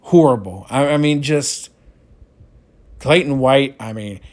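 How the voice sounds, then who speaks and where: A man's voice: medium pitch, takes it slowly. Frustrated young man ranting after a loss. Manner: frustrated, ranting, repeats himself. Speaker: college football fan commentator. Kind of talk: postgame rant.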